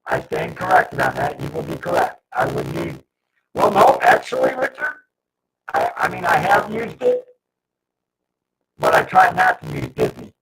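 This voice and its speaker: A man with an extremely deep, gravelly voice chats casually on his livestream. He stumbles and restarts as he troubleshoots his connection. The audio carries a steady layer of noise. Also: moderate pace, recorded from a distance. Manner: flustered, restarts while fixing audio trouble. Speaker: livestream host. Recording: noisy livestream audio with hiss.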